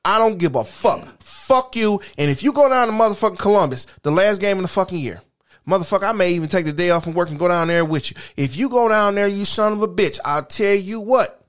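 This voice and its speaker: A man's voice: high-pitched, expressive, fairly quick. A man goes on a profane, heated sports rant. He co-hosts a podcast in loose, crude chat, swearing hard as he builds his case. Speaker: podcast co-host.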